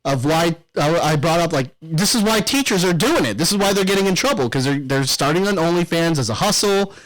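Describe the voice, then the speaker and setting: A man's voice: a little high, animated, fairly quick, fairly bright tone, poor audio. A young adult man co-hosting a casual podcast, rambling and profane, often breaking into laughter. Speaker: podcast co-host.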